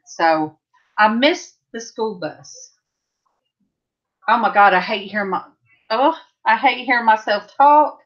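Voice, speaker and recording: Her voice sits on the high side and sounds fairly bright, and she takes things slowly with frequent pauses. She's a middle-aged woman from California, hosting a livestream in her home craft room and chatting loosely through viewers' comments. The recording is lo-fi and a bit dull.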